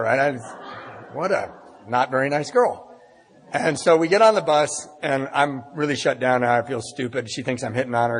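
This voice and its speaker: This is a middle-aged man giving a personal recovery talk at an AA meeting, speaking at a normal pace in a mid-range voice. The husky sound rings in a long-reverb hall while he tells his story with self-deprecating jokes and acts out the dialogue.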